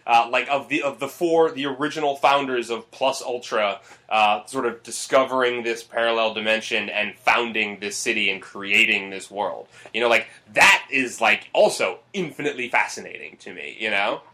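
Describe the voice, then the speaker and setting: A man's voice: medium pitch, normal speed, hardly any pauses, sharp tone. A man hosting a casual movie podcast, rambling and swearing, with lots of fillers. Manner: rambling, profane, full of fillers. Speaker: podcast host.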